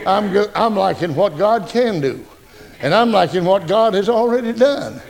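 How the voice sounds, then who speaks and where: Man, pastor preaching, folksy jokes, very lively swooping voice. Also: high-pitched, normal speed, creaky. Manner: folksy, joking, animated preaching. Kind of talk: sermon.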